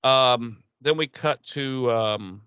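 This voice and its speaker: A podcast co-host recaps a TV episode in casual chat, rambling, swearing and laughing as he tells it. His medium-pitched voice is slow, pushed and bright, with a clean tone. The sound is lo-fi with no echo.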